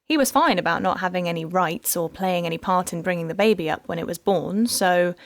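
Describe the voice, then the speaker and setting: A bitter, heartbroken woman detective, as a narrator puts her on, speaking low and close in a dry studio. She recounts old hurts with a rueful, wry edge, as if talking quietly across a table. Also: a little fast, dry recording, natural voice. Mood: wistful.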